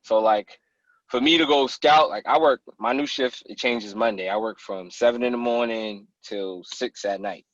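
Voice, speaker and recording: A man as a podcast guest, chatting casually and telling animated stories about hunting. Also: medium pitch, moderate pace, no room sound, muffled recording. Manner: animated, acts out people in his stories. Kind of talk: casual storytelling chat.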